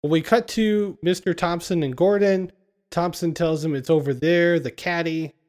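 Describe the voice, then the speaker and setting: A man's voice: a little high, moderate pace, a little mellow. A man casually recapping a film scene by scene on a podcast, laughing often as he retells it. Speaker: podcast co-host.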